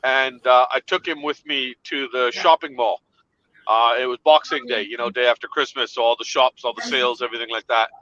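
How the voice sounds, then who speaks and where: A man telling an animated story in a casual chat, laughing along as he goes. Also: mid-range voice, brisk, lo-fi sound.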